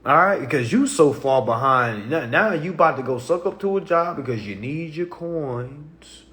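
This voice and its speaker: This livestream host keeps a normal pace on his casual stream, driving points home with "all right" and "okay." Emphatic throughout, he goes from low-key chatter to loud, animated bursts.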